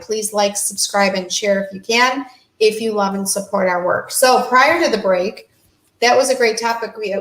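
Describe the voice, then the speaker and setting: A woman's voice: medium pitch, a bit bright. A woman hosting a casual talk show, chatty and agreeable, picking up her co-host's points. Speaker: host. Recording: echoey room.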